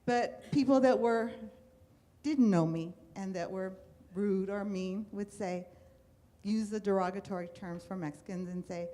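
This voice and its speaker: A woman's voice: medium pitch, unhurried. A middle-aged woman from the United States telling her personal life story to a live audience, acting out the voices of people she quotes. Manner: animated, acts out quoted voices. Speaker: speaker at a storytelling event.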